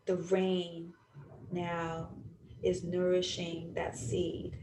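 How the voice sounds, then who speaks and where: A young adult woman podcast host who leads a guided visualization with slow, soothing, drawn-out phrasing. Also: on the low side, monotone, noisy background. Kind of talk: guided visualization and reflective talk. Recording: roomy echo.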